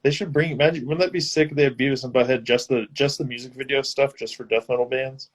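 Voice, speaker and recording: An eager man talking as a guest on a video call. He retells things with excitement and fills his speech with casual fillers. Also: mid-range voice, quick pace. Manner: enthusiastic, filler-heavy retelling of sketches. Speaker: guest musician.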